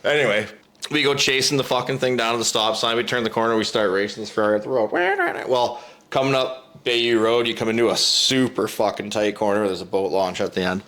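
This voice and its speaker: A man's voice: on the low side, brisk. Profane, laughing storyteller man. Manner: profane, rambling, animated, laughs through his own story. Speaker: podcast host telling his story. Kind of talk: casual storytelling.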